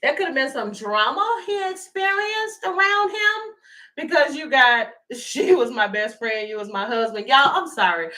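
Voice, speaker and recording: A woman tarot reader talking in a casual, animated and profane way while doing a reading. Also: high-pitched. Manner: animated, profane, laughing often.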